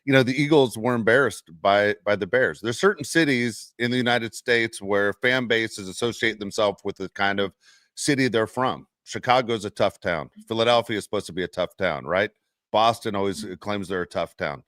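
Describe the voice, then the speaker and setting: A man hosting a casual sports podcast, talking in an emphatic, animated way. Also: fairly low pitch, moderate pace, no echo, clean studio sound. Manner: animated, emphatic trash talk. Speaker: podcast host.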